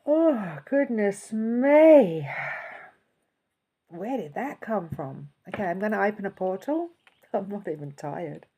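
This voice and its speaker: A woman's voice: mid-range voice, big pitch swings, normal speed, dull audio. A woman talking to camera as an intuitive channeler, giving a casual spiritual reading and thinking aloud as she goes. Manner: chatty, thinking aloud, yawning and laughing.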